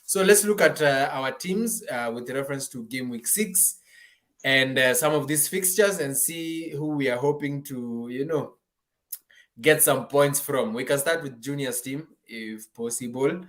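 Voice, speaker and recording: A man's voice: medium pitch, a little slow, a bit bright. A man hosting a casual fantasy football panel who teases the others and steers the talk between topics. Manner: teasing, leads the discussion. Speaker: fantasy football show host.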